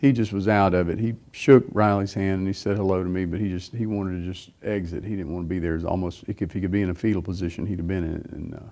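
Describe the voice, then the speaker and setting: A man's voice: sits low, fairly even intonation, fast talker, hardly any pauses, mellow. A middle-aged man preaching, telling a personal story in a rambling way with many fillers and restarts. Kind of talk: sermon testimony.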